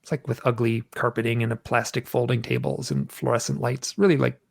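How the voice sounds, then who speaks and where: A man, a guest on a video-call interview, telling a long personal story in an animated way, acting out the voices of the people in it. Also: mid-range voice, fairly quick, vocal fry, no room sound. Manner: animated, acts out his own shouting and quotes.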